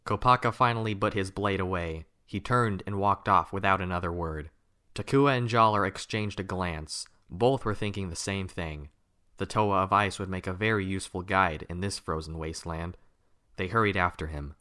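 Male storybook narrator, low voice with a bright edge. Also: moderate pace.

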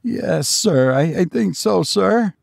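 A timid old houseman, frightened and pleading, his voice pitched high and stammering, as a man puts him on. He quavers through every line, close and dry on the mic, in an old-time audio drama. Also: animated, slow pace, creaky, slightly rough, no room sound, full character voice. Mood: fearful.

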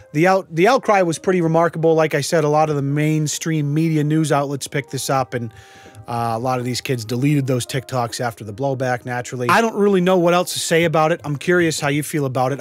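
Sardonic man, slightly high voice. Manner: sardonic, swears casually, laughs in disbelief. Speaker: YouTube commentary host. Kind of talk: sarcastic commentary vlog. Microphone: studio microphone.

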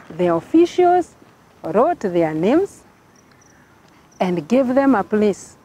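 A woman with a Kenyan English accent, teaching a Bible story to children at Sunday school in a slow, sing-song manner with rising and falling emphasis. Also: medium pitch, dark tone, breathy edge.

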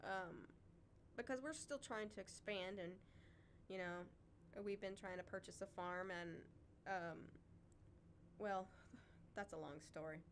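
A woman's voice: mid-range voice, unhurried, pauses often, a little hiss or hum. A woman co-hosting a casual chat, talking with chatty enthusiasm and frequent laughs. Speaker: podcast co-host, wildlife sanctuary keeper.

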